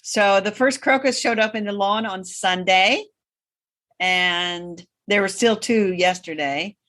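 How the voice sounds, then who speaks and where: A woman's voice: mid-range voice, takes it slowly, a bit bright. A woman co-hosting a podcast in casual chat, wry and matter-of-fact. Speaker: podcast co-host.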